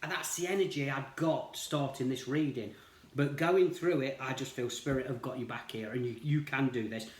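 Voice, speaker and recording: A man at a middling pitch gives a loose, encouraging tarot reading. He circles back on his words and leans on "you know" as he reassures his listeners. The room around him rings with echo. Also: moderate pace. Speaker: tarot reader. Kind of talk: casual spiritual tarot reading. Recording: roomy echo.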